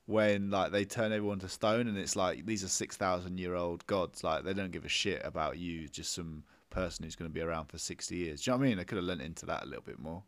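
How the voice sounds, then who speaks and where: A man's voice: low-pitched, quick pace, hardly any pauses. A man co-hosting a film review podcast, blunt and wry, swearing casually. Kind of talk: casual chat.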